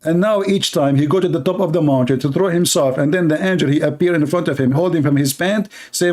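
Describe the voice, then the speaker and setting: A man's voice: on the high side, quick pace, hardly any pauses, darkish tone. A man from the Middle East, a native Arabic speaker with an Arabic accent, hosting a live debate in a sarcastic, mocking manner. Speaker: online debate host.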